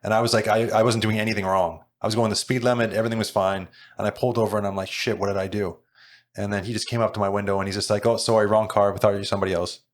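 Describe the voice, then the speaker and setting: Quick-talking male podcast host. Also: on the low side, level tone. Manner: chatty personal anecdotes. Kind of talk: casual podcast conversation.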